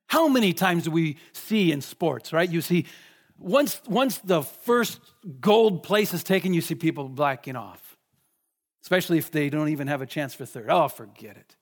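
A man's voice: fairly high pitch, expressive, normal speed. A man preaching a sermon in a conversational way, often asking the listeners questions. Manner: conversational, asks the congregation questions.

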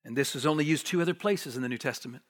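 A pastor preaches a sermon in a rapid-fire, mid-range voice, swinging between hushed near-whispers and raised, urgent lines. He repeats words for emphasis.

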